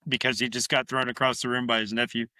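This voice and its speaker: Talking fast in a clean, mid-range voice, this male podcast co-host walks through a horror movie scene by scene. His retelling is profane and lively, full of acted-out lines, and there's no echo on the recording.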